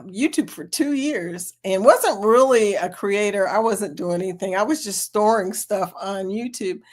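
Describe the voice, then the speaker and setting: On a casual livestream, a middle-aged woman goes through the chat and talks with viewers energetically, laughing frequently and using "girl" and "y'all." Her voice sits at a medium pitch.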